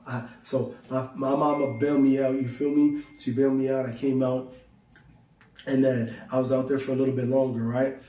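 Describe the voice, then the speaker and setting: A man's voice: mid-range voice, little pitch movement, fairly quick, mellow, distant mic. Slangy young man telling a story, roomy sound. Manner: loose slangy storytelling, acts out both sides of conversations. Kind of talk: casual storytelling to camera.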